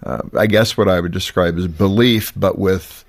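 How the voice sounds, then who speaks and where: A man's voice: low-pitched, fairly even intonation, normal speed, gravelly. A man hosting a faith talk show, asking probing questions with many fillers. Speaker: host.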